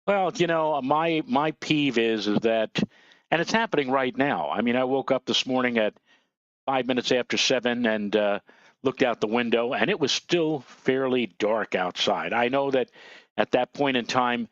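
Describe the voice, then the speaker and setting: A man's voice: medium pitch, normal speed, no echo. A man co-hosting a weather show, ranting indignantly in casual chat. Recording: dull lo-fi dry sound.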